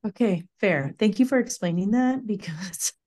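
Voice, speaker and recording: A woman's voice: mid-range voice, lively intonation, normal speed, darkish tone. A woman hosting an interview podcast, upbeat and chatty, reading out her guest's bio. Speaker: podcast host. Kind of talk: casual interview chat.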